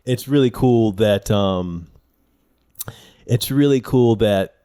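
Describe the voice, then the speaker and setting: A male podcast co-host tells stories in casual conversation, full of fillers and restarts. His voice is lowish, slow, warm, clear and resonant.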